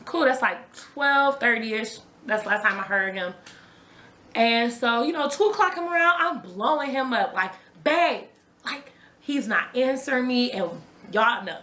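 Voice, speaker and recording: A woman's voice: on the high side, normal speed, bright, forceful tone, reverberant. A young woman recounting a personal story to her viewers in a casual, conversational way, often repeating herself. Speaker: vlogger telling her own story. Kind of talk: raw personal storytelling to camera.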